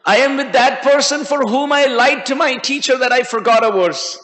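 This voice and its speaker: A man's voice: very high voice, moderate pace, a bit bright, pitched above the performer's own voice. A man voicing Krishna, a divine king speaking tearfully and tenderly to his old friend, in a reverberant hall.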